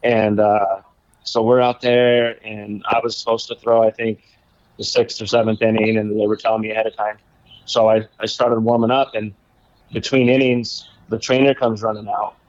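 A man, a former baseball pitcher, casually telling a rambling story in conversation, laughing now and then. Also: little pitch movement, moderate pace, darkish tone, dry recording, dull audio. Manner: laid-back, rambling, laughs while telling stories.

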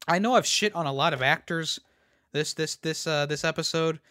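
A man's voice: on the high side, normal speed, bright, forceful tone, dry recording, studio quality. A young man hosting a podcast, ranting casually about pop culture. He rambles, repeats words and laughs at his own jokes. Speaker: podcast host. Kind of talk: casual opinion rant.

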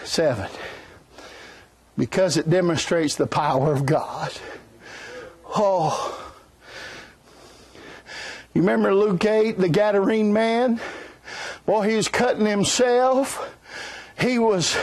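High-voiced fervent male preacher. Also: slow, long pauses, no room sound. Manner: fervent preaching that swells into shouts; folksy, conversational asides. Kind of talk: sermon.

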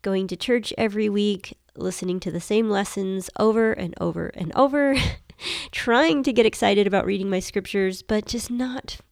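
Female podcast host, thirties, stuffy nasal cold voice, smooth and dry close mic, eager reflective chat. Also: medium pitch, moderate pace, no echo. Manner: enthusiastic, reflective. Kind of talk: casual solo podcast talk.

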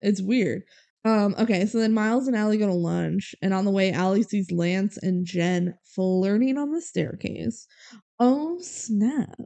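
A young woman co-hosting a podcast, retelling a movie quickly with laughs and mock quotes. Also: medium pitch, gravelly, dark tone. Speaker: podcast co-host. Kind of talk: casual chat recapping a movie.

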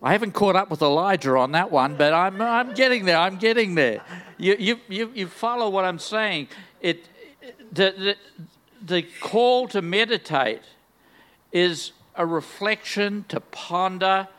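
Older man, sermon, enthusiastic, self-deprecating jokes, high voice. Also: lively intonation, a little slow, fairly bright tone. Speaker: guest preacher. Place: large church.

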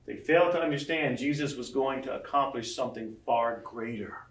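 A man preaching a sermon as pastor, animated, acting out scripture quotes and asking the room questions. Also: mid-range voice, a little fast. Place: large room with audience. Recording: echoey room from far off.

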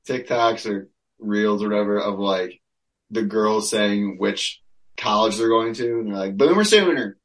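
Low-voiced man chatting casually. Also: level tone, measured pace, rough recording. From Michigan. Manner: rambling, laughing, storytelling. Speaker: podcast co-host. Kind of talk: casual podcast chat.

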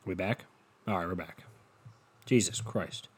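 A man's voice: sits low, a little slow, breathy edge. Profane rambling man on a home podcast. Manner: profane, self-mocking, drifting between muttering and loud bursts. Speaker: solo podcast host. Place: home, no studio. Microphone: home podcast microphone.

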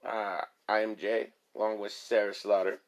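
A man's voice: on the low side, flat delivery, normal speed. A man hosting a loose, casual podcast chat in an easygoing middle register. He mocks himself lightly and swears freely. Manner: swears freely, laid-back, self-mocking. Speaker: podcast host.

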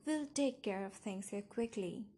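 Brief: woman narrator doing a low, cheery young man comforting a friend. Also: a little slow, warm tone, lightly acted. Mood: cheerful.

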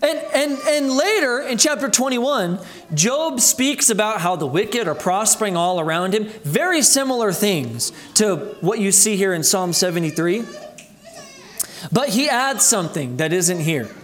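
A man preaching a sermon as pastor, earnestly calling his listeners brethren, his voice climbing high and loud for emphasis, then dropping low and quiet. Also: expressive, a little slow, slight background noise. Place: church sanctuary.

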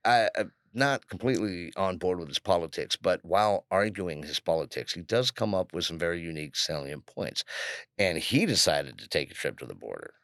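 A man with a very deep voice co-hosts a casual podcast, rambling and swearing his way through stories. His pitch swings widely as he talks, and the sound is close and dry with no room echo. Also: lively intonation, a little fast, a bit bright. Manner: rambling, profane, storytelling. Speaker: podcast co-host. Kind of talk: casual chat.

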